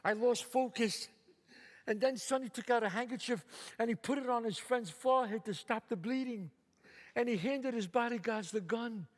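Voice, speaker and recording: A man's voice: very high-pitched, moderate pace. A man from the Bronx telling a story on stage alone in a vivid, streetwise, dramatic way. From the Bronx, New York. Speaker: solo stage performer. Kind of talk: theatrical storytelling. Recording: stage reverb in a hall.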